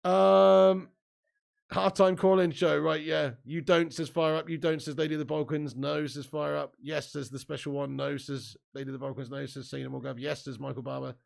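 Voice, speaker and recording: A man's voice: on the high side, little pitch movement, moderate pace, vocal fry. A man hosting a live football watch-along, commenting on play and casually reading viewer comments aloud with plenty of swearing.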